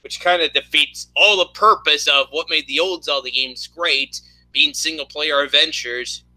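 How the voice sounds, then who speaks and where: A man's voice: on the high side, normal speed, sharp tone. A man hosting a casual gaming chat at home, rambling with lots of fillers. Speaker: host. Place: home room with PC.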